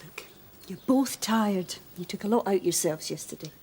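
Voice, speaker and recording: A woman's voice: medium pitch, animated, normal speed, a little mellow, slight background noise, natural voice. A woman playing an anxious, caring woman. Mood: worried. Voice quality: fretful, concerned. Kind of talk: TV soap drama.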